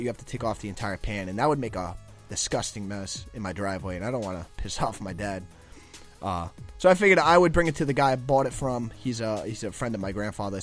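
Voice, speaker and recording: A young man, a guest commentator, chatting casually over gameplay footage and stumbling over his words as he rambles. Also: mid-range voice.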